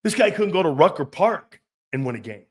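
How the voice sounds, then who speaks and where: A man's voice: a little high, very animated, fairly quick. A man hosting a sports talk show, ranting in a blunt, profane, mocking way and laughing often. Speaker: host.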